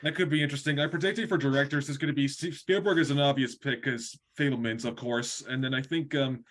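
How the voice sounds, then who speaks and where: A man joining a casual online hangout, chatting quickly about films he likes. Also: medium pitch, steady tone, a bit bright. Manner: quick, chatty film opinions. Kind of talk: casual chat.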